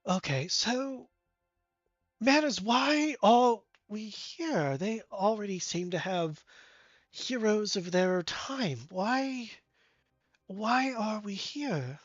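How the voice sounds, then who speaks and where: A game master voicing a tall, puzzled stranger who speaks slowly and softly. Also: medium pitch, lively intonation, no room sound, dull audio, faint music behind, pitched above the performer's own voice. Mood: bewildered. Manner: slow, puzzled, soft. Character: tall dreamy confused stranger. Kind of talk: tabletop game voice acting.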